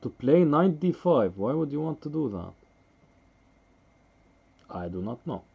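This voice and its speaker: Slow, gravelly man musing over chess. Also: fairly high pitch, very animated. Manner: musing, questioning himself aloud. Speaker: chess streamer commentating a match. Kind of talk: thinking-aloud chess commentary. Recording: dull lo-fi stream audio.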